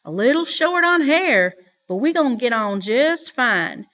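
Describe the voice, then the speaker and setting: A woman voicing a fierce, loud old grandmother with a Southern accent, shouting and bossing people around in an audiobook reading. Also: sits high, very animated, unhurried, highs cut off, full character voice. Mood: bossy. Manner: shouting, bossy.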